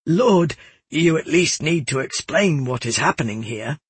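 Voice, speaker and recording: Stammering, uneasy city guard, higher and husky, a man reading. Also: animated, unhurried, no echo, full character voice. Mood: nervous. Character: nervous heavy sweaty male city guard.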